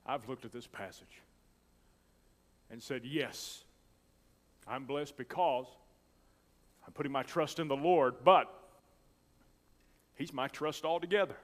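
A male pastor delivers a sermon with strong feeling, swelling into loud declarations and then dropping to almost a whisper. His voice sits at an ordinary middle pitch. A long reverb hangs on every phrase, as in a big church hall. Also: slow pace, pauses often. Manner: emotional, swinging from loud declaring to soft near-whispers.

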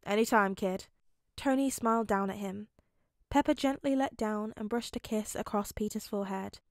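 A woman narrating a fan fiction audiobook with clear, steady storytelling. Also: medium pitch, normal speed, no echo, studio quality. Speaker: podfic reader.

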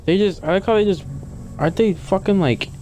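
A young gaming YouTuber with a high-pitched, warm voice commentates a video game he's playing, talking a little fast. It's casual let's-play commentary full of jokes and swearing as he reacts.

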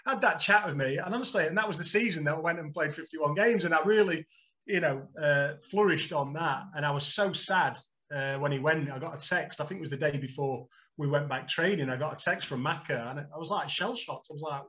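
A middle-aged man, a guest on a podcast, telling animated anecdotes and acting out the dialogue with frequent laughter. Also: fairly high pitch, brisk. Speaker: guest, former footballer. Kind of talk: casual podcast storytelling.

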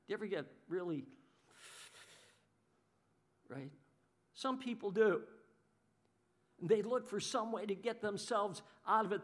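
A man preaches a sermon with a notably high voice for a man. He is animated and expressive, jumping into the voices of the people he describes. He often repeats a word or two before going on. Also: a little slow, long pauses. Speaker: pastor.

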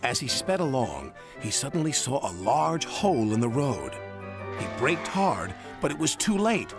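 A man reading a storybook tale aloud as narrator, with expressive delivery. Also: mid-range voice, normal speed, music in the background.

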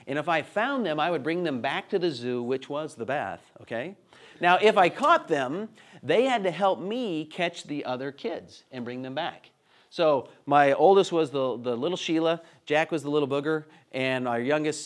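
A man in his thirties teaching students in a classroom, telling playful family stories and acting them out. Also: fairly high pitch. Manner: playful, acts out voices and gestures. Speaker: speaker teaching a college-prep session.

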